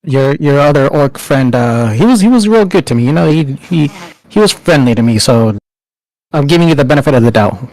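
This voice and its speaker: A man playing a tabletop role-playing game, talking haltingly and repeating his words. His voice is gravelly with vocal fry, and the sound is dry and close. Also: on the high side, animated, a little mellow, dry recording, rough recording. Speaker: player. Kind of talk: casual tabletop play, in character.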